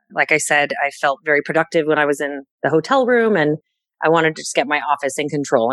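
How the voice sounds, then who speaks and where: Low-voiced candid woman. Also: no room sound. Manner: candid, reflective, laughs at herself. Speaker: interviewee, organizing client. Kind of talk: casual podcast interview.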